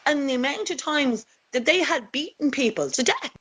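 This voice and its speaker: An Irish woman hosting an interview, speaking earnestly and with feeling, often halting and restarting. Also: sits high, expressive, fairly bright tone. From Republic of Ireland. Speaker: host. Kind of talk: emotional conversational interview.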